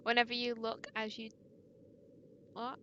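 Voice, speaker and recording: A woman reading a visual-novel fangame aloud, stumbling over lines and breaking off into awkward asides, with steady background noise. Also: fairly high pitch, measured pace, muffled recording. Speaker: game player.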